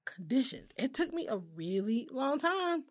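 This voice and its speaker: A woman in her thirties telling stories in a casual chat, animated and profane, often breaking into laughter. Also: high voice, a little slow. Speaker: podcast co-host.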